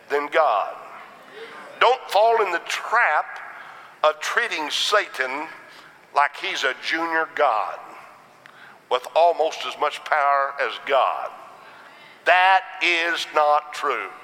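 A man's voice: on the high side, sharp tone, long reverb tail, a little hiss or hum, poor audio. A man preaching a sermon in a rhythmic style, punctuated with Amens.

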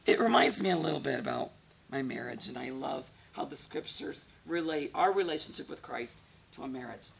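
A woman's voice: extremely low pitch, animated, a little fast, gravelly, a little hiss or hum. A woman preaching a sermon in a conversational way, often putting questions to her congregation.

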